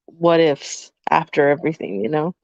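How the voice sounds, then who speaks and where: A woman's voice: sits low, expressive, moderate pace, a little mellow, dry recording. A middle-aged woman co-hosting a podcast, speaking reflectively and casually with many "like" fillers. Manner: reflective, filler-heavy with frequent "like". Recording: dry, dull lo-fi sound.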